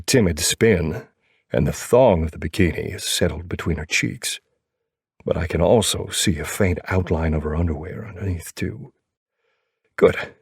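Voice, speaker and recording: A man narrating a first-person romance audiobook in a low, brooding, wry voice. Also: creaky, slightly rough, dry recording, studio quality.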